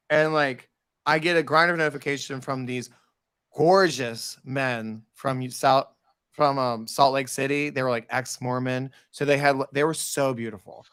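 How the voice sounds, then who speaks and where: A man telling stories in casual podcast chat, animated and campy, slipping into quoted voices. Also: mid-range voice, clean tone. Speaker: podcast guest.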